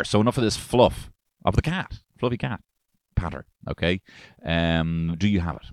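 Irish male podcast host, low voice, dry close sound, crude rambling jokes. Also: moderate pace, no room sound. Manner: irreverent, profane, rambling jokey asides. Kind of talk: casual podcast chat.

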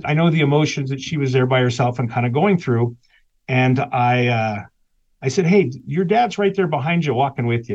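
Man telling a story, dull lo-fi sound. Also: mid-range voice. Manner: animated storyteller, laughs between lines. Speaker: guest, author. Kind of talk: personal storytelling in conversation.

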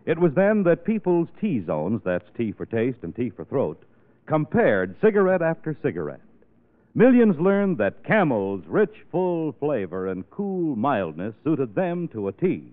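A man's voice: a little high, sing-song, unhurried. A male announcer reading a persuasive commercial in a polished 1940s radio style. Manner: polished, persuasive sales delivery. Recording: tinny old radio broadcast.

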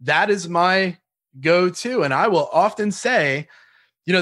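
A man sharing cold-calling tactics in an interview, animated, laughing often and acting out both sides of phone calls. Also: high voice, unhurried, no room sound, studio quality. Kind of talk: energetic sales talk with acted-out call examples.

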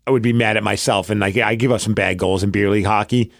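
A man co-hosting a podcast, talking sports in an emphatic, animated way. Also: on the low side, fast, vocal fry, no echo, studio quality. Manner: animated, emphatic, repeats "you know what I mean". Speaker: podcast co-host. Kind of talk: casual sports chat.

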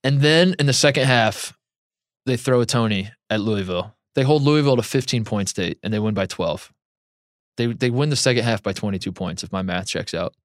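A man's voice: lowish voice, a little fast, no room sound, clean studio sound. A man co-hosting a casual sports podcast, talking loosely with fillers and jokes. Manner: loose, joking, chatty with fillers. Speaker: podcast co-host.

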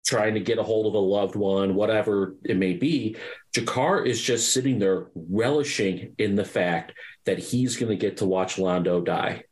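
A man's voice: fairly low pitch, moderate pace, darkish tone. A man on a podcast panel, talking in an earnest, casual way and sometimes losing his train of thought. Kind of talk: casual chat.

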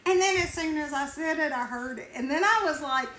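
High-voiced Southern woman telling stories. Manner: animated, laughs while telling stories. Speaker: podcast co-host. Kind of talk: casual storytelling chat. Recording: roomy echo with faint ambient noise.

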